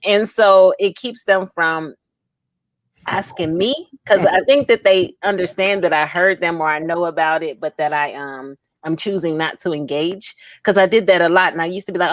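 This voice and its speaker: A woman co-hosting a casual talk show, frank and quick to laugh, often acting out what people say to her. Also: fairly low pitch, dry recording. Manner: laughing, frank, acts out voices of people she quotes. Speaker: co-host.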